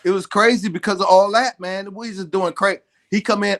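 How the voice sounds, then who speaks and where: A man, a music producer, telling studio stories in a relaxed, animated way, dropping "man" into nearly every line. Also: high voice, normal speed. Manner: laid-back, says "man" constantly, animated retelling. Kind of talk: casual storytelling interview.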